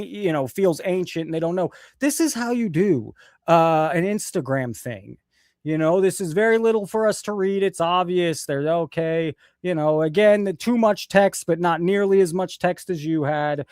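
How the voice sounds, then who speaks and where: A man's voice: sits high, dry recording, clean studio sound. A man hosting a casual live show, ranting and sarcastic with frequent swearing. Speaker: host.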